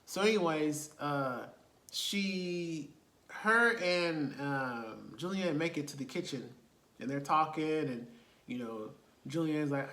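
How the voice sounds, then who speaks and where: Guy retelling a movie, laughing at it, kinda high voice, roomy echo. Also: measured pace. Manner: animated, laughing retelling with rhetorical asides. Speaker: movie reviewer. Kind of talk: casual movie recap.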